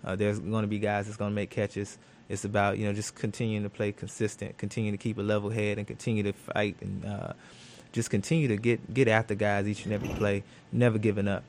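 Man, football cornerback, studio interview, low voice, flat delivery, fillers and restarts. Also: quick pace, a little hiss or hum. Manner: thoughtful, uses many fillers and restarts. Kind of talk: interview answers.

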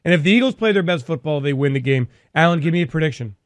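Energetic higher-voiced sports radio host. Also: male voice, very fast, dry recording. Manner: energetic, repeats words while thinking. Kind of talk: call-in sports talk.

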